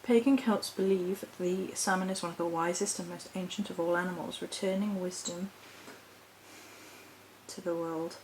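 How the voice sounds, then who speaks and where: Speaking at a normal speed with fairly even intonation, this woman has a lowish, darkish voice. She's a witch vlogger musing in a meandering way about her spiritual practice, with self-corrections and laughter along the way. The audio is poor, with slight background noise.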